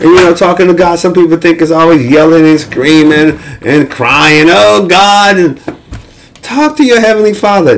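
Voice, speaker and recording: A man's voice: fairly high pitch, a little hiss or hum. A male pastor preaching a conversational sermon, repeating key phrases and checking in with listeners with "right?" and "okay?". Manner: conversational preaching with emphatic repetition.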